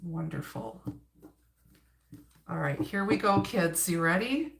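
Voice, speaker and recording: A woman's voice: on the low side, slow pace, vocal fry. A woman with an Upper Midwest accent giving a chatty live-stream tarot reading, greeting viewers and laughing between cards. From Wisconsin, United States. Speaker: tarot reader. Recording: roomy echo.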